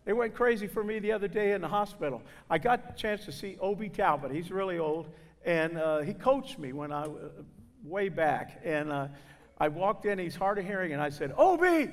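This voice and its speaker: An older man speaks to a gathering, spinning folksy, funny stories and acting out every character. His voice sits fairly high for a man. A long reverb trails each word, as in a large hall. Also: normal speed. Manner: folksy, animated, acts out voices. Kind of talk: humorous storytelling talk.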